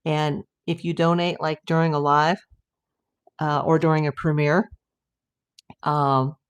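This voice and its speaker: A woman's voice: low voice, level tone, a little slow, smooth. A middle-aged woman hosting a casual livestream, chatting and reading viewer comments aloud in a rambling way. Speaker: livestream host.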